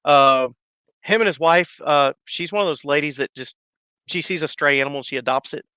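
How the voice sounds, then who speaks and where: Bright, rambling man telling stories. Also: a little high, a little fast, clear, resonant tone, dry recording. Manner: rambling, laughing, acts out voices in his stories. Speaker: live stream guest. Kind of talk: casual storytelling.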